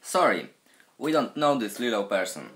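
A teenage girl voicing a big, gruff male alien scientist with a slow, exaggerated deep voice. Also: very animated. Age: late teens.

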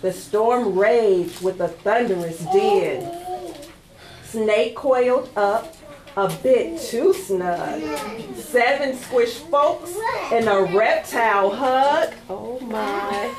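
Brief: librarian woman, slow and lively storytime reader, a bit high, roomy echo. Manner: sing-song, animated, coaxing kids to join in. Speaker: children's librarian. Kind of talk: storytime read-aloud. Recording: echoey room.

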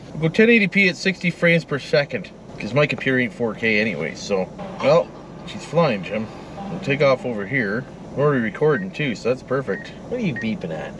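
A man's voice: medium pitch, slight background noise, low-quality recording. A man chatting casually while flying a drone outdoors by a frozen river, talking to the drone and the birds. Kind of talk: casual running commentary.

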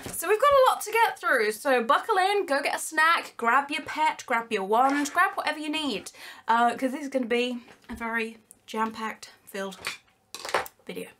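A young woman chatting excitedly while unboxing, gushing and giggly with lots of exclamations. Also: high-pitched, normal speed, a little hiss or hum. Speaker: unboxing vlogger.

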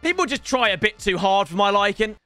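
A young man with a high, bright voice gives live gaming commentary. He swings his pitch wildly, yelling at the match and cracking jokes. Faint game music plays behind him. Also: brisk, dry recording. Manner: excitable, shouts at the game, jokey banter. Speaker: gaming streamer.

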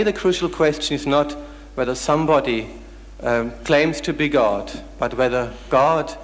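A man from the audience, polite but persistent, asking to pose a full question. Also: mid-range voice. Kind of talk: pleading then reading scripture. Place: lecture hall. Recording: echoey hall.

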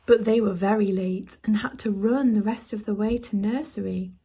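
A woman reading a children's picture book aloud as a bedtime story, soft and measured. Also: medium pitch, steady tone, breathy edge.

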